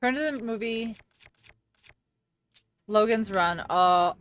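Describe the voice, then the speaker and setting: A woman's voice: on the high side, a little slow, a bit bright, slight background noise. A woman in her thirties chatting casually while streaming a game, rambling, laughing often and saying "like" a lot. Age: 30s. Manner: giggly, rambling, heavy use of "like". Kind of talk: casual live-stream chat while gaming.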